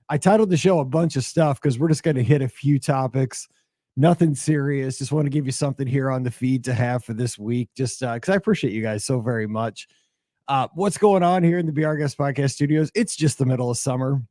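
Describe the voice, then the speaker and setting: Hoarse, chatty podcast host, dark tone. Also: male voice, mid-range voice, dry recording, clean studio sound. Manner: chatty, rambling, with many fillers and restarts. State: hoarse from a cold and asthma. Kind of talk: solo podcast monologue.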